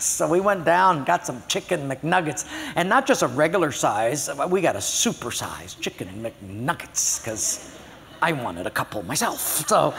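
Animated older man preaching a sermon. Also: high voice, creaky, in a large hall. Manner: animated storytelling, acts out voices. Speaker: pastor.

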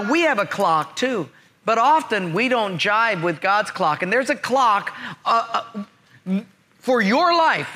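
A man preaching a sermon, telling a personal story and acting out the dialogue in lively fashion. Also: sits high. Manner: animated, acts out dialogue in his stories. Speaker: pastor.

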